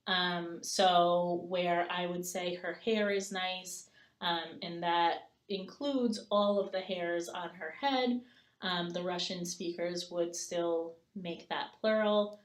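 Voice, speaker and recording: A woman with a somewhat low voice presents a lesson at an explanatory pace, pausing on filler words and reading out example sentences. The recording carries a noticeable room echo. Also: steady tone. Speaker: student presenter.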